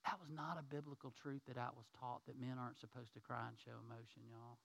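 A man preaching a sermon to his congregation, telling a story in a lively way and acting out the people in it. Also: medium pitch, a little fast, creaky. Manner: storytelling, acts out quoted people; addresses congregation as y'all. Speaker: pastor.

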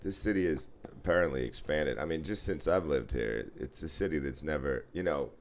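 A man's voice: very deep voice, fairly quick. A man co-hosting a podcast in blunt, wry casual chat, swearing freely. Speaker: podcast co-host.

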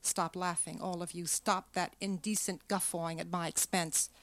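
A woman's voice: fairly low pitch, little pitch movement, normal speed, a bit bright, no room sound. A woman reading aloud, voicing a dreamy grown daughter who speaks with fervent reverence. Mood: insistent.

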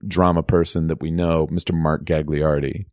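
A man co-hosting a podcast in casual chat, playful and quick to laugh. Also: a bass voice, flat delivery, a little mellow, dry recording. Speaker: podcast co-host.

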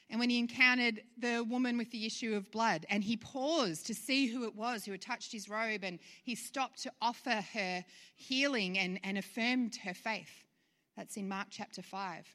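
Woman pastor, higher bright voice, chatty sermon, reverberant hall. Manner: conversational, rhetorical questions, light laughs.

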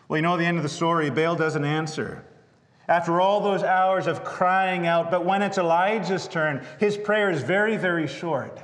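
A man preaching a sermon, reading scripture aloud and then preaching with dramatic pauses and wry asides. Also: a little high. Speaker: pastor. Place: church sanctuary. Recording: long church reverb.

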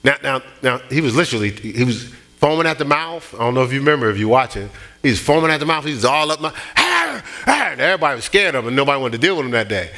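A middle-aged man preaching a sermon, telling stories in an animated way with many restarts and repeats. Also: medium pitch, very fast. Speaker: pastor.

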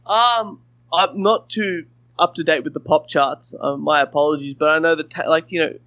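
A man's voice: a little high, moderate pace, fairly bright tone, no echo, highs cut off. A man with an Australian accent chatting as a podcast guest, rambling with frequent restarts. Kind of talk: casual chat.

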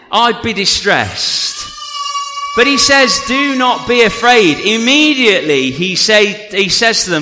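Guy preaching at church, bright fairly high voice, big echoey hall. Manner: animated and loud in storytelling, dropping to a quiet, earnest hush for the appeal. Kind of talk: sermon. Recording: long reverb of a large hall.

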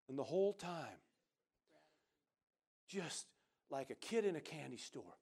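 A middle-aged man, preaching and telling a lively personal story, acting out other people's voices. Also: fairly high pitch, a little slow, long pauses, breathy edge. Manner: animated storyteller who acts out quoted voices loudly. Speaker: pastor. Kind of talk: sermon storytelling.

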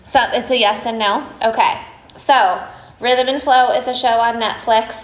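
A woman's voice: on the high side, fairly even intonation, normal speed. Chatty woman in an echoey room. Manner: chatty, many fillers, laughs often. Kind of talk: casual storytelling to a group. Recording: echoey room, slightly dull sound.

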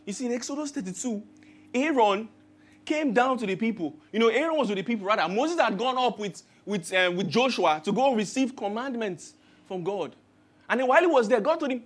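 A man's voice: extremely high pitch, animated, brisk. A man, preaching a sermon as pastor and telling stories that act out the voices he quotes. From Nigeria. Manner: storytelling, acts out quoted voices with rising emphasis.

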